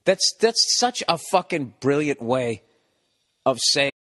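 Medium in pitch and taking things slowly, the voice belongs to a forties-aged podcaster from Boston. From his home, he delivers a rambling comic monologue of sarcastic, profane, animated rants, and it sounds like a big room.

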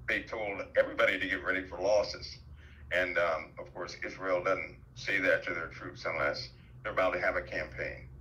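Low-voiced man with a bright edge. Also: steady tone, poor audio. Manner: halting, many fillers and restarts. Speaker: guest commentator. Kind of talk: call-in talk show chat. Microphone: headset.

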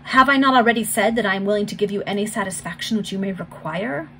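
A woman's voice: medium pitch, fast talker, fairly bright tone, a little hiss or hum, natural voice. A woman reading the lines of a proud young army officer, curt and formal. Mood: indignant.

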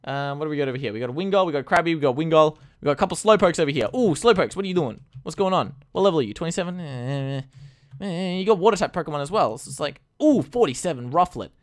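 An excitable man talks over his gameplay in a fairly high, very lively voice, dropping to low mumbles and then jumping into loud outbursts. Keys click now and then behind him at the desk. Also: fast talker. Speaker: gaming YouTuber. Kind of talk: casual Let's Play commentary.

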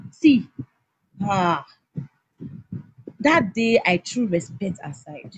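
Husky Nigerian woman telling a heated story. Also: mid-range voice, big pitch swings, drawn-out words, long pauses, dry recording. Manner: heated, emotional retelling with many restarts. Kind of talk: personal storytelling. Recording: dull lo-fi recording.

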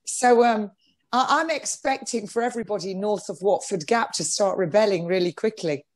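A woman being interviewed, talking in an animated, exasperated and sarcastic way. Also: medium pitch, normal speed. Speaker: interview guest. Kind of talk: political interview.

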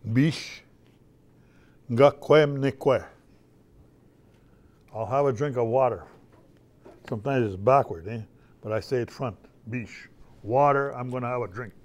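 An older man, an artist talking casually to schoolchildren in a folksy, storytelling way, often repeating his phrases. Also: mid-range voice. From Canada. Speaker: visiting artist.

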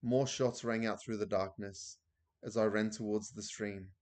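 An elderly grandmother, read by a man, recounting a narrow escape in a breathless, vivid rush. Her voice sits fairly low, and the storybook reading keeps her close to the narrator's own tone. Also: steady tone, measured pace, a little mellow, natural voice. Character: elderly grandmother telling a thrilling tale.

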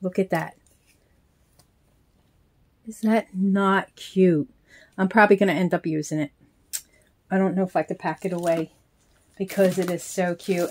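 A woman's voice: mid-range voice, a little hiss or hum. Older grandmother vlogger, chatty and gushing, recorded on a phone at home. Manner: gushing, warm-hearted, with filler ums. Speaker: reborn doll collector vlogger. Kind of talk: casual chat to camera. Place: small bedroom at home. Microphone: handheld phone.

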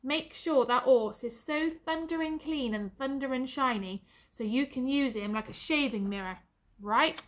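A woman voicing a bossy male army sergeant who barks orders in a booming voice. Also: measured pace. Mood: commanding. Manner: barking orders.

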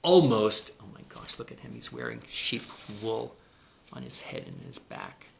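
A man's voice: lowish voice, wildly swooping pitch, moderate pace, creaky, a little hiss or hum. A man teacher reading a children's picture book aloud, with amused, chuckling asides.

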